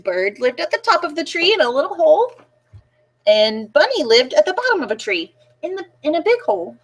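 A woman librarian reading picture books aloud at a children's storytime, sing-song and animated, asking the kids questions. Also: sits high, a little fast.

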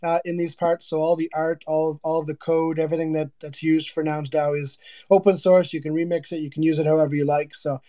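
A man's voice: fairly high pitch, level tone, brisk, hardly any pauses, warm tone. Joking man hosting a live chat. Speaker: host. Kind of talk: casual chat on a live audio stage.

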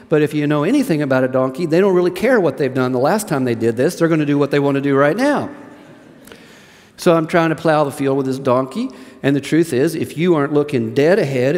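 Folksy preacher in a reverberant hall. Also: male voice, on the high side, darkish tone. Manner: conversational, folksy storytelling with asides to the audience. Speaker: seminary president preaching. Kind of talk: sermon.

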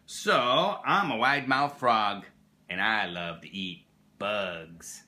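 A man's voice: on the low side, slow pace, sharp tone, heavily acted. An older man doing a boastful, bouncy wide-mouthed frog.

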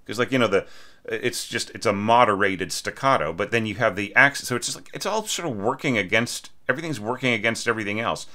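Bright-voiced man critiquing a score. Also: fairly low pitch. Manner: conversational, lots of "right?" and restarts, sings phrases. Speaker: orchestration teacher reviewing a score. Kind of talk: casual critique lesson.

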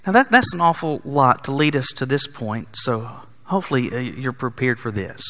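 A man preaching a sermon, emphatic and building to forceful peaks. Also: mid-range voice, lively intonation, normal speed. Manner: emphatic, rising to forceful peaks on key lines. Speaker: pastor. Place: church sanctuary. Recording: long church hall reverb.

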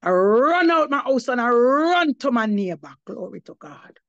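A woman's voice: on the high side, sing-song, a little slow, dry recording, muffled recording. A woman giving her testimony as an apostle, preaching to a congregation and slipping between English and patois, rising to emphatic cries of praise.

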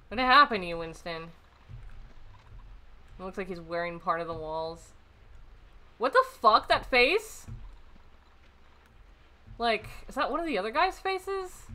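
A woman's voice: fairly high pitch, unhurried, pauses often. A woman casually commenting on a video game she plays, swearing often and breaking into laughter. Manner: giggly, excitable, profane. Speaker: game streamer.

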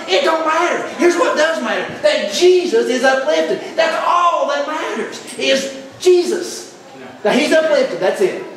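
A man preaching a sermon as pastor, exuberant and emphatic, often building up to shouts. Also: high voice, slight background noise. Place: large echoey church hall. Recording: very echoey hall, voice from far off.

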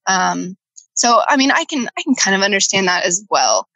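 A woman's voice: mid-range voice, very animated, moderate pace, sharp tone, no echo, rough recording. A woman, a tattoo artist and healer, talking in a podcast interview, earnest and rambling with many fillers. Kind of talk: podcast interview, casual storytelling.

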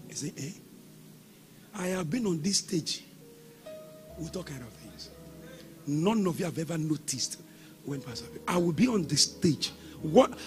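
A man preaching a sermon as pastor, shouting exhortations and breaking into sing-song lines. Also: fairly high pitch.

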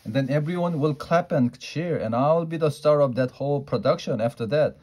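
A man's voice: a little high, normal speed, darkish tone, pitched above the performer's own voice, lightly acted. A man voicing a stubborn, sassy little girl who talks in emphatic, repetitive bursts. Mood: excited.

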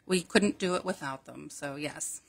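A woman's voice: low-pitched, normal speed, creaky. A woman from a hospital's nursing staff, a guest on a radio interview, speaking in a friendly, informative way with frequent ums.

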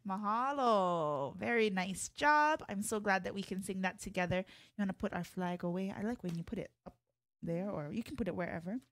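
A woman teaching an online hula class, chatting to viewers by name in a friendly way and leading chants in long drawn-out tones. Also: mid-range voice, no room sound.

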